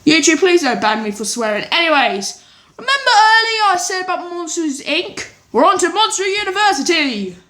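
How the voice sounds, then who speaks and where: An English woman vlogger rambles through a movie ranking from her home kitchen, scatterbrained and full of tangents, restarts and "anyways." Her voice is extremely high and sharp, with big pitch swings and a moderate pace. The kitchen sounds echoey, with faint birdsong behind her.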